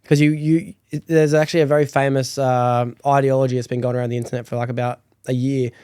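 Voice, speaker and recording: A male podcast host talks fast in a loose, easygoing way. His voice comes across smooth and clean. The sound is close and dry, with no room around it. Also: medium pitch, flat delivery, darkish tone, dry recording. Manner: quick, loose, agreeable chatter. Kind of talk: casual podcast conversation.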